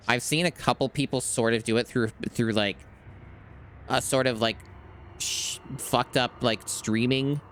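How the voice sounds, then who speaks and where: Deep-voiced man, dry gaming commentary. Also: a bit bright, a little hiss or hum. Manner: dry, self-deprecating, swears often. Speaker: streamer. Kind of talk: casual gameplay commentary.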